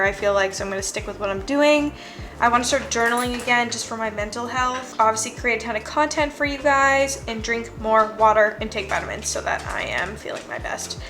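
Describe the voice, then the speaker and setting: Young woman, lifestyle vlogger, chatty, upbeat, filler-heavy, slightly high voice, echoey room. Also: bright, forceful tone. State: out of breath after running. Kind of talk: casual vlog chat. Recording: roomy echo, faint music behind.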